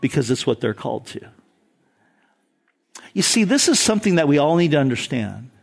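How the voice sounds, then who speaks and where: A man's voice: on the high side, big pitch swings, brisk, vocal fry. A middle-aged man, a pastor, telling a story in an earnest, conversational sermon.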